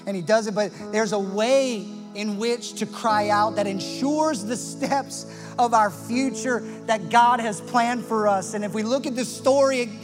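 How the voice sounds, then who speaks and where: A man preaching a sermon with passion, swinging from loud emphasis to hushed tones. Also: high voice, unhurried. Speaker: pastor. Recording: long church-hall reverb with faint music.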